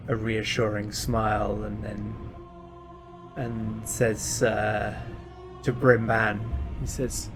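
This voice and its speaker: A man with a gravelly voice narrates his character's moves in a tabletop game, hesitant and halting. He talks slowly, and clear music plays behind him. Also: on the low side. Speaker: player. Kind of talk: tabletop role-play narration.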